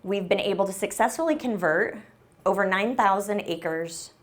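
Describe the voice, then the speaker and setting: A woman's voice: medium pitch, normal speed. Upbeat chatty woman giving a keynote. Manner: upbeat, chatty, with frequent ums and "right?". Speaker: conference keynote speaker. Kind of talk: conference keynote talk. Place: conference room with an audience. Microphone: handheld or stage mic that briefly cut out.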